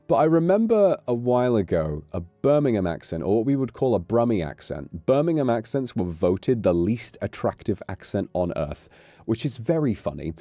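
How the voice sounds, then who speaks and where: A low-voiced British man chats on a casual livestream, rambling with amused asides and offhand swearing. His pitch swings widely. The dry, close sound adds to the effect, with faint music underneath. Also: sing-song, moderate pace, warm tone, dry recording. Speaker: streamer.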